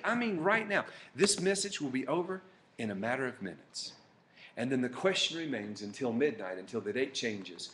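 Brief: impassioned male pastor, mid pitch, sermon recorded live in an echoey church, faint hum behind. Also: fairly bright tone. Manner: impassioned preaching with personal stories. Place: church service.

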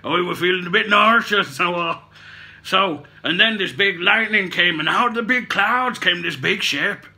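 Speaking at normal speed in a high, sharp voice, a man with a mixed Cockney and Somerset accent tells a rambling comic story as a puppet-show host. He corrects himself as he goes, swears, and laughs at his own jokes.

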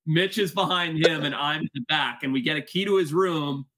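Bright-voiced man telling a story. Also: fairly high pitch, fairly quick, poor audio. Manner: animated, laughing, acts out quotes. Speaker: show host. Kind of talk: casual storytelling chat.

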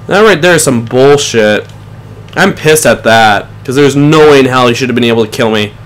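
A young man commentating his own online shooter match, muttering low, then swearing and yelling at teammates in frustration. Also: normal speed. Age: young adult. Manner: swings between muttering and shouting in frustration, swears a lot. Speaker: gaming channel host. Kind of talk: live gameplay commentary.

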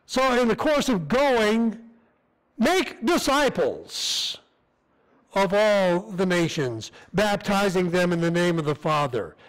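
His voice sits high as he preaches in a church sanctuary, a visiting missionary speaking earnestly and conversationally. He restarts often, and the recording sounds rough.

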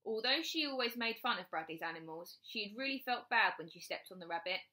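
A woman teacher reading a children's chapter book aloud with expressive storytelling. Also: mid-range voice, a little fast.

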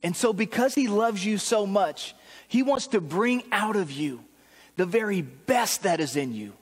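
Male pastor, earnest and encouraging preacher, fairly high voice, heard in a reverberant church. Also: expressive, measured pace, breathy edge. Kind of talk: sermon. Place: church sanctuary.

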